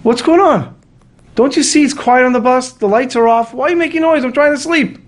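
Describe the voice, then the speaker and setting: A man's voice: high-pitched, fairly even intonation, a little fast, pitched above the performer's own voice, natural voice. A man voicing an anxious middle-aged father who speaks in a pleading, apologetic way. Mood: irritated.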